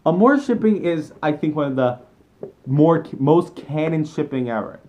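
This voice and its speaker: A young man vlogging an excited, rambling fan rant with frequent self-corrections. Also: a little high, normal speed.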